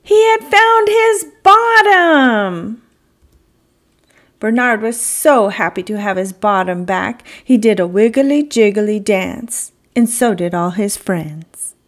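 A woman reading a children's picture book aloud as a storyteller, with expressive, gentle narration. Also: mid-range voice, unhurried.

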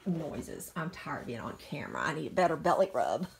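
A woman voicing a young male puppy who is tired and put-upon, muttering low and quietly. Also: huge pitch swings, a little fast, vocal fry, a little hiss or hum, exaggerated voice. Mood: grumbly.

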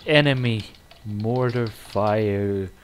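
Man, gameplay commentary: slow, profane, mutters then bursts out, faint noise in the background. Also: on the low side. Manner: profane, muttering, excitable outbursts. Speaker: gamer.

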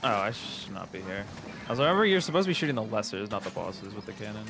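A man's voice: lowish voice, very animated, racing, creaky, music in the background. A young man chatting while gaming, teasing his friend and giving tips. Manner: teasing, coaching, exclaims loudly. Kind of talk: casual gaming chat.

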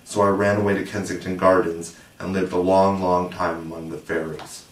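A man narrating a classic children's novel as an audiobook, measured and gently expressive. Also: sits low, recorded from a distance. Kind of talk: audiobook reading. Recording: roomy echo, voice set back from the mic.

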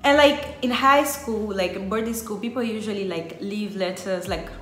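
A woman's voice: medium pitch, normal speed, a bit bright. Young woman, vlogger, casual storytelling, lots of "like", echoey room. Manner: chatty, heavy use of filler "like". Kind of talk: story time vlog.

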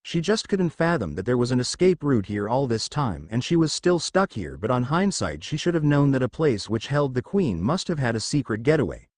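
A man's voice: medium pitch, sing-song, brisk, hardly any pauses, darkish tone, no echo, studio quality. A man reading fan fiction aloud as a narrator, telling the story expressively. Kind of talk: scripted fanfic narration.

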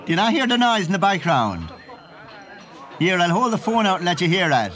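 A man's voice: high-pitched, big pitch swings, fairly quick, a bit bright. An actor playing a chatty Irishman with an Irish accent, phoning from the pub at Christmas and rambling through gossip while chuckling at his own stories, in a comic monologue sketch. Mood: gossipy. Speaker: comic phone caller.

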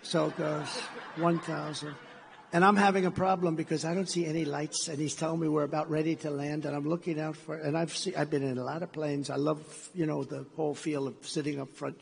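An older American man gives a wandering speech at a gala in a large, echoing hall, repeating himself and acting out snippets of dialogue. His voice is on the high side, level in tone and fairly quick, with vocal fry and a faint hiss or hum.

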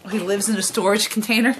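A woman in her thirties, a vlogger chatting casually and reacting out loud as she watches a movie at home. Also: mid-range voice. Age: 30s. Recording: movie soundtrack playing behind.

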